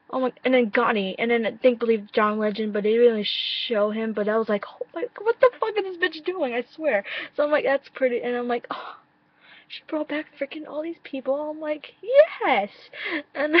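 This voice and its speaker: A woman's voice: on the high side, no room sound. A young woman vlogging her reaction to a music video, gushing, swearing freely and quoting her own reactions with frequent laughs. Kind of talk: casual excited reaction vlog. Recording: dull lo-fi webcam sound, dry.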